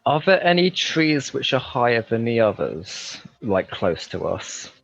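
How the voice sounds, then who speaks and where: A man's voice: mid-range voice, big pitch swings, measured pace, creaky, dull audio. A man playing in a tabletop role-playing game, thinking aloud and restarting his sentences. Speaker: player.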